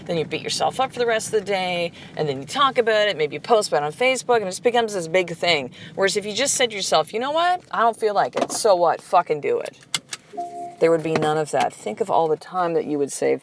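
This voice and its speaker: A woman's voice: on the low side, noisy background. A woman hosting a solo motivational podcast as a life coach, talking bluntly with swearing and repeated rhetorical questions.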